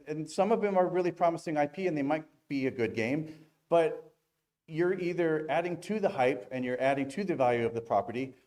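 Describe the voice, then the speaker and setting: A man giving a quick, candid industry talk on stage at a games event, with joking asides. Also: medium pitch, a little mellow. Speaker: conference speaker. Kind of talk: fast-paced industry talk.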